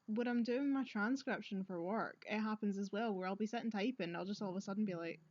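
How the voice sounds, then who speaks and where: This let's-play streamer talks fast in a medium-pitched, somewhat mellow voice, and the audio lacks its high end. Playing casually, she comments, reads dialogue out loud, laughs frequently, and makes fun of herself.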